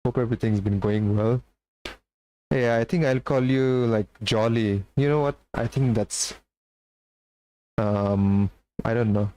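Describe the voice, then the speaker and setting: A man's voice: fairly low pitch, fairly even intonation, unhurried, pauses often, warm tone, poor audio. A man streaming live, chatting casually and playfully with his viewers. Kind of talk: casual livestream chat.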